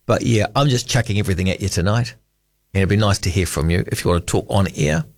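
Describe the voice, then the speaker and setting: A man's voice: deep voice, quick pace, dry recording. Rambling New Zealand radio host, man. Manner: rambling, reads listener texts aloud. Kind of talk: casual late-night radio talk. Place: radio studio. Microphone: studio microphone.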